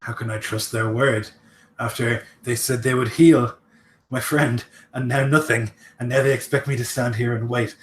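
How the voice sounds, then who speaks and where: A man's voice: mid-range voice, steady tone, normal speed, roomy sound, a little hiss or hum, lightly acted. A man voicing a stranded, distrustful male orc warrior who speaks in blunt, clipped sentences. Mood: bitter.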